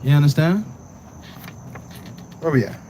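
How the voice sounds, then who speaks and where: A man's voice: fairly high pitch, expressive, a little slow, mellow, a little hiss or hum. A man teaching scripture in a casual preaching way, often asking "right?" and "you understand?" and telling the reader to read on. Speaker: Bible teacher.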